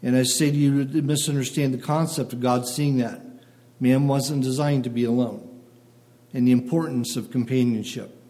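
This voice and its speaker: With a mellow, mid-range voice, this male pastor keeps a steady tone at a moderate pace. He delivers a sermon in brief phrases, reading from scripture and checking on the congregation, all inside a long, reverberant hall.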